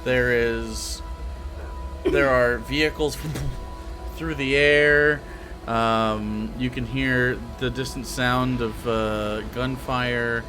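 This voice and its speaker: A man running a tabletop game as game master, describing scenes slowly with many fillers. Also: medium pitch, fairly even intonation, over music.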